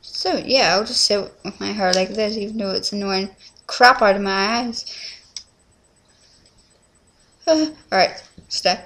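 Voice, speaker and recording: A woman's voice: medium pitch, unhurried, pauses often, fairly bright tone, slight background noise. A teenage girl, rambling through a casual confessional vlog at home, full of fillers and restarts. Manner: rambling, scattered, many fillers. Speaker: vlogger.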